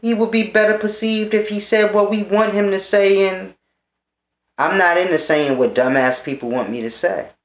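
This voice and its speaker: A man's voice: sits high, moderate pace. A man in his thirties delivering a blunt, scornful, profane monologue rant to his viewers. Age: 30s. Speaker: vlogger. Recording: tinny, phone-like and roomy.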